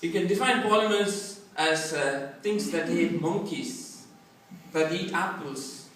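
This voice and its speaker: A middle-aged man from India doing a stand-up comedy set with self-mocking, deadpan punchlines. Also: fairly high pitch, takes it slowly. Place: large echoey performance hall. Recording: echoey hall, distant, noisy.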